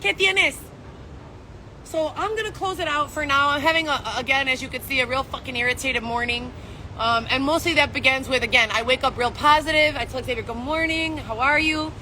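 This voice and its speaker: A pregnant woman rants straight into her camera outdoors, her high voice sharp and bright, with faint traffic behind her. She swears hard and fires off one rhetorical question after another. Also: fairly even intonation, a little fast. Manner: angry, profane, ranting, rhetorical questions. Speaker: vlogger. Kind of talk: emotional street vlog rant.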